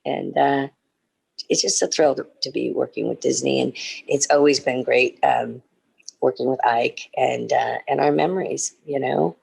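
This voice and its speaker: A middle-aged woman on a video-call fan panel, telling lively stories and acting out the people in them. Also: moderate pace, gravelly, husky. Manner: animated, acts out quotes with big leaps in pitch. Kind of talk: casual anecdote telling.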